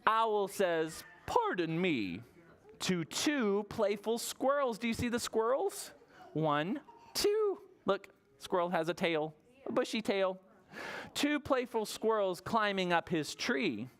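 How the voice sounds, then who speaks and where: Librarian lady doing toddler story time, smooth clear voice, upbeat and encouraging, talks slow and simple for little kids. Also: mid-range voice, sing-song. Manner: cheerful, encouraging, speaks slowly and plainly to toddlers. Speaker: children's librarian. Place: public library story room.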